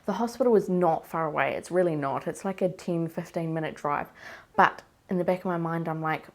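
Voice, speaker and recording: A young woman speaks to her camera in a loose, rambling diary style, her voice stuffy and blocked from a cold. She talks in a fairly low register for a woman, circling through worried questions and restarting her sentences as her nerves show. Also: brisk. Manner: anxious, rambling, self-questioning. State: congested from a cold. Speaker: vlogger. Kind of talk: casual diary vlog.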